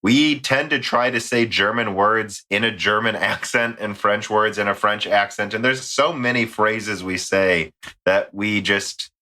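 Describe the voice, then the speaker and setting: A man's voice: fairly low pitch, a little slow, sharp tone. An American man hosting a casual tech podcast, rambling and joking as he reads listener mail. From United States. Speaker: podcast host.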